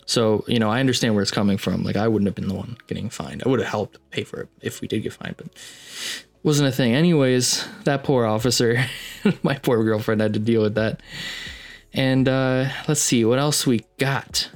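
A man's voice: medium pitch, moderate pace, vocal fry. A young man hosting a podcast, telling a story casually with rambling asides and lots of fillers. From Canada, Ontario. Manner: rambling, filler-heavy, animated retelling. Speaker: podcast host.

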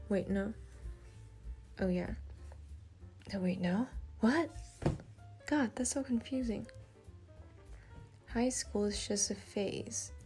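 A teenage girl with an Australian accent, rambling in a casual solo podcast, soft-spoken and self-deprecating, thinking aloud. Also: mid-range voice, vocal fry. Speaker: podcast host.

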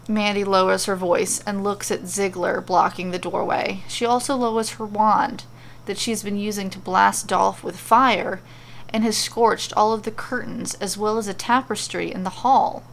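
A woman reading a fantasy story aloud as a podcast storyteller, with steady descriptive narration. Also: mid-range voice, moderate pace, gravelly.

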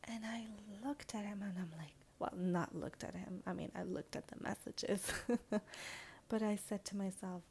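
A young woman vents about a dating letdown in a loose, confessional vlog. Her voice is mellow and warm, and she talks frankly and swears freely. She keeps saying "like" and now and then slips into a hushed aside. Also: mid-range voice, a little slow, vocal fry, a little hiss or hum. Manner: frank and animated, heavy use of "like", swears freely. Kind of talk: casual storytelling vlog.

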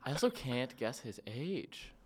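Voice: mid-range voice, very animated, a little slow, slight background noise. Guest in a podcast chat, dry and teasing.

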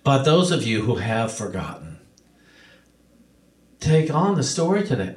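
A man's voice: mid-range voice, big pitch swings, measured pace, long pauses, darkish tone. A male preacher retelling a parable in a sermon, with emphatic repetition. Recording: roomy echo.

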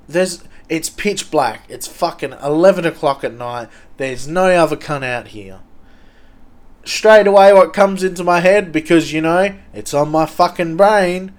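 A young man with an Australian accent talks at an unhurried, slow pace. He rambles through a casual story in a laid-back way, swearing often and filling pauses with ums and likes. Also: a little high. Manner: laid-back, heavy swearing, many fillers.

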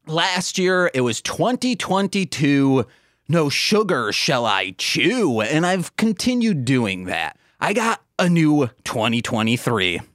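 A man hosting a raunchy comedy podcast. His voice leaps up and down in pitch as he rambles goofily, and the recording is close and dry. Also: sing-song, takes it slowly, fairly bright tone, no echo. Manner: rambling, goofy, swings wildly in pitch. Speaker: podcast host. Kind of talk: crude comedic podcast banter.

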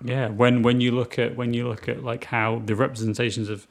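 A man's voice: medium pitch, level tone, brisk, vocal fry. A British man chatting about films as a podcast co-host, enthusiastic and rambling. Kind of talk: casual film review chat.

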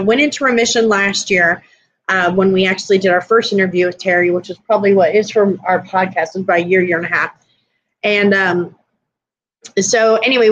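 A woman's voice: medium pitch, fairly bright tone, lo-fi sound, a little hiss or hum. A woman co-hosting a live stream, chatting casually and rambling with lots of fillers. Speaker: podcast co-host.

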